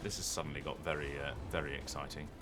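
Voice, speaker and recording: A man streaming a game and chatting casually, thinking aloud in an animated, rambling way. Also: a bass voice, fast. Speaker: streamer and voice actor. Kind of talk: casual gaming stream chat.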